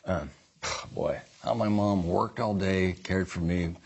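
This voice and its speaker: A man's voice: sits low, slow pace, gravelly, darkish tone, breathy edge. A man, a talk-show guest, reading jokes off cards with playful, dry timing.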